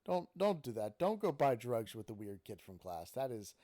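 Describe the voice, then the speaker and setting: A man's voice: medium pitch, sing-song, normal speed, dark tone. A man telling a story in a casual, rambling, profane way, with frequent restarts.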